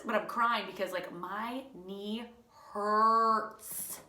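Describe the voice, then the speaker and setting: A woman teacher telling a personal story in a casual, animated way, full of fillers and laughter. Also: medium pitch, a little slow, hardly any pauses, reverberant. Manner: animated, lots of fillers, laughing through the tale. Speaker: teacher and channel host.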